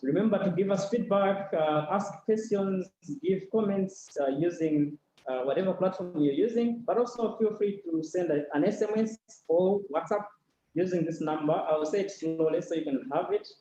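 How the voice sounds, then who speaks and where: A man moderating a livestreamed panel discussion, talking haltingly with many fillers and restarts. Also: sits high, warm tone. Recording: roomy, dull, slightly noisy livestream audio.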